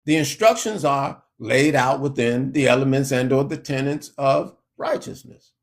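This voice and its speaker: A man preaching a sermon in a slow, emphatic way, lifting his voice when he quotes scripture. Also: mid-range voice.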